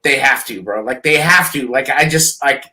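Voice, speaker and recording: A man co-hosting a casual sports talk show who talks in an excited, profane, animated way. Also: medium pitch, moderate pace, poor audio. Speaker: podcast co-host.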